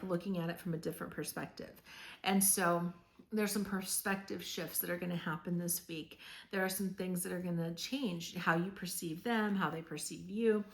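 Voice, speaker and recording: A woman giving a chatty, meandering tarot reading to her viewers, earnest and reassuring, with frequent "um" and "like". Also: fairly low pitch. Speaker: tarot reader. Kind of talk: casual tarot reading to camera.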